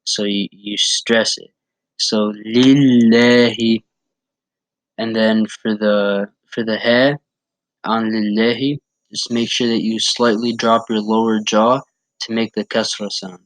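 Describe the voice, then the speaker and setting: Slow, even-voiced male recitation teacher. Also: on the low side, dry recording, poor audio. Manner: patient, repeats words slowly to demonstrate. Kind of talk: step-by-step pronunciation lesson.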